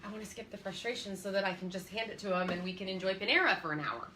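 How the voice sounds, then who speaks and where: A woman's voice: medium pitch, very fast, pushed and bright, a little hiss or hum. A woman in her forties co-hosting a faith-based parenting chat, telling stories earnestly and laughing easily. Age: 40s. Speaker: co-host.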